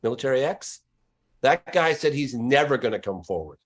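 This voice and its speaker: A man's voice: mid-range voice, expressive, moderate pace. Guy filmmaker on a podcast, leans hard on his words, pushy and emphatic. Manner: emphatic, insistent, stresses words. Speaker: documentary filmmaker, podcast guest. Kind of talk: casual podcast interview.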